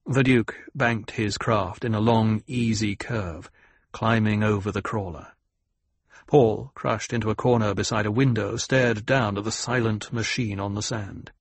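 A man narrating a novel in a measured, even storytelling manner. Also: on the low side, husky, no room sound. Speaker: audiobook narrator. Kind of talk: scripted narration.

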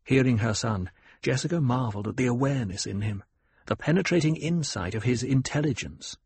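A man narrating an audiobook in a measured, dramatic storytelling manner, with a husky voice. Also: medium pitch, darkish tone. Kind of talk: scripted narration.

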